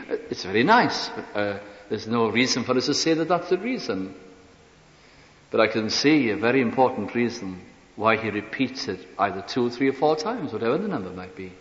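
A man's voice: mid-range voice, very animated, moderate pace. Man preaching in an echoey hall. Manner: earnest, rhetorical questions, drops to soft asides. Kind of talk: sermon. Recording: dull echoey hall recording.

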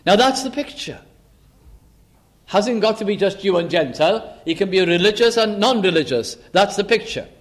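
A man's voice: sits high, lively intonation, normal speed. A man preaching a sermon, who explains scripture and acts out little dialogues between characters.

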